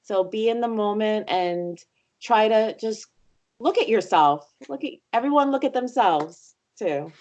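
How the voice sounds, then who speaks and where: Earnest woman in relaxed podcast chat. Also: medium pitch, unhurried, highs cut off. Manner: earnest, reflective, encouraging. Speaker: podcast guest.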